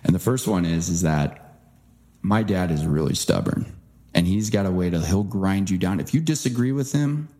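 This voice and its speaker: Male interview guest, low mellow voice with some fry, earnest storyteller. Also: normal speed. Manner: earnest, animated impressions when quoting. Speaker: guest author.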